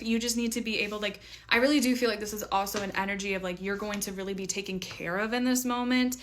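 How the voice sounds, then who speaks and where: A woman's voice: mid-range voice, fairly even intonation, fast, few pauses, slight background noise. A woman giving a casual, chatty tarot reading to her viewers, full of fillers and playful asides. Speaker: tarot reader.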